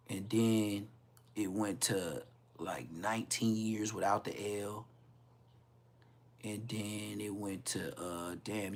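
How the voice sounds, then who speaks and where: A man casually telling a personal story on a podcast, laid-back and heavy on slang, acting out the people he quotes. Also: on the low side. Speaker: podcast host.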